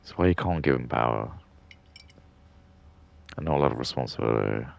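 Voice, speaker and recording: A man's voice: a bass voice, animated, brisk, gravelly. A man chatting crudely and rambling while he builds models at home. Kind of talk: casual chat while crafting. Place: at home, sitting on a carpet.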